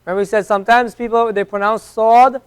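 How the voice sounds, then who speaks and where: A man's voice: high voice, fairly even intonation, quick pace, smooth. A man teaching an Arabic class, patiently repeating each letter sound to demonstrate its pronunciation. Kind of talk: classroom lesson. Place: classroom at an Islamic center.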